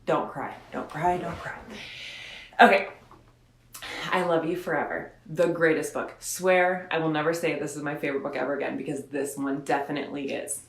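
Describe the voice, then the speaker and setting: Recorded in her son's roomy-sounding bedroom on a phone or camera set before her, a woman radio host speaks in a low, creaky voice with fairly even intonation. Chatty and rambling, she talks casually before slowing down to read a picture book aloud in a friendly manner.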